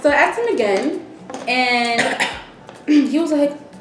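Tell it like a young woman recounting drama to a friend, animated, acting out each line, a touch high, mic a bit far in a roomy space. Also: takes it slowly, noisy background. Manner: animated, acts out quoted dialogue. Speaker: vlogger. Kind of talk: casual storytelling. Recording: roomy echo, distant mic, faint music.

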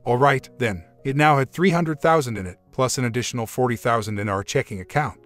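A man reading a relationship story aloud as its narrator, in a steady, measured way. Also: mid-range voice. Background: faint background music.

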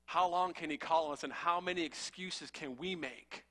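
A male preacher gives a sermon in a high, bright voice at normal speed. His delivery is forceful and fervent yet conversational, with slangy asides.

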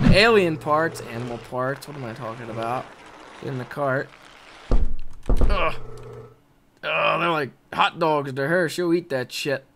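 A young man doing excitable let's play commentary, yelping, shouting and swearing at game mishaps. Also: on the high side, background noise. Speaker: gaming video host.

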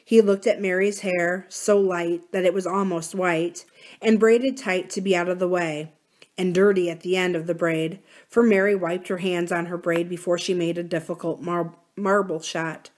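A woman reading a novel aloud for a library series, in a measured, even storytelling manner. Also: on the low side. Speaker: library reader.

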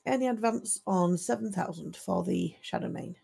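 A woman hosting a livestream auction in a brisk, chatty way. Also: lowish voice, creaky, warm tone, a little hiss or hum. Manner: brisk, chatty, laughs easily. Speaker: auction host.

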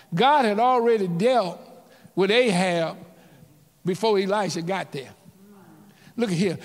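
A man preaching a sermon as pastor, calling out to his congregation in rising and falling waves. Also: high voice. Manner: call-and-response preaching, rising and dropping in waves. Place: church sanctuary. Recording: church hall reverb.

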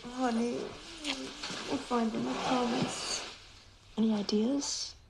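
A woman's voice: on the high side, fairly even intonation, slow pace, vocal fry, background noise. A woman playing a mother in a family film, speaking in a soothing, reassuring way. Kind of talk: film dialogue.

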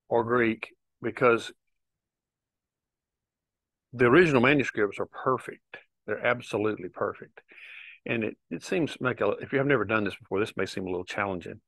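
A man with a medium-pitched, fairly bright voice gives an informal Bible teaching with no room sound. He explains Hebrew words slowly and meanders conversationally, with lots of restarts and fillers.

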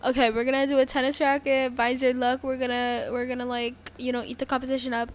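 A young woman chatting excitedly to her viewers while playing a dress-up game, with faint background noise. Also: sits high, fast. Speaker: gaming youtuber. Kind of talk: casual gameplay commentary.

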